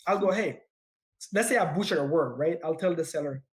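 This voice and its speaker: A man with a non-native English accent, a podcast guest talking in an energetic, emphatic way and repeating words when excited. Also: fairly high pitch, a little fast. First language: not English; speaks four languages. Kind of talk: casual podcast conversation.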